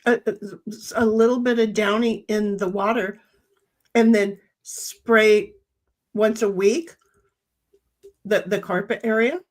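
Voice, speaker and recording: A woman's voice: medium pitch, fairly even intonation, takes it slowly, pauses often. An older woman hosting a live stream, chatting bluntly and with salty language, acting out both sides of her conversations. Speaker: stream host. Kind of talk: casual chat on a live stream.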